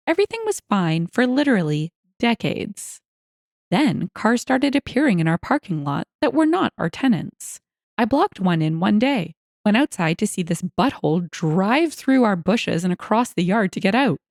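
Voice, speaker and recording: Lively woman narrating stories. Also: medium pitch, no echo, studio quality. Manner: lively, expressive reading with wry asides. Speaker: storyteller reading online stories. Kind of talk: scripted narration.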